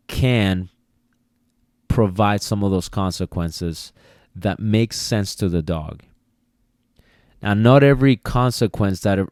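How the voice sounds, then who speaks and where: Guy podcasting about dog training, low mellow voice, explains stuff, repeats himself a lot. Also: no echo, clean studio sound. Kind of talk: casual podcast monologue. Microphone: podcast mic.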